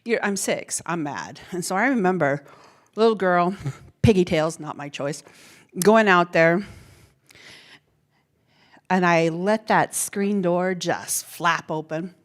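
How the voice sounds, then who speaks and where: A middle-aged woman with a lowish voice speaks to a hall audience at a plenary session. She tells a personal story in a lively, conversational way, often repeating words and laughing softly as she goes. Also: slow pace, long pauses. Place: university ballroom.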